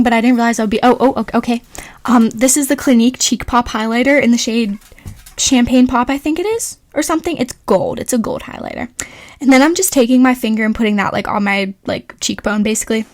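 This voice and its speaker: A woman's voice: on the high side, no echo, clean studio sound. A young woman chatting through a makeup tutorial voice-over, rambling and self-mocking, full of "like" and "um". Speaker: beauty vlogger. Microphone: voice-over recorded separately.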